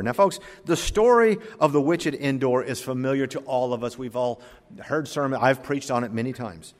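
Male preacher, mid-pitched, dramatic loud-and-soft sermon delivery, long hall reverb. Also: moderate pace. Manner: dramatic preaching, swinging between loud emphasis and quiet asides; reads scripture in King James wording. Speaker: pastor.

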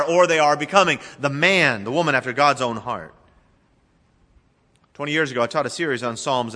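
Male pastor, sermon, folksy emphatic delivery, crisp bright voice, slightly high, hall reverb. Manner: folksy, emphatic preaching with varied pace.

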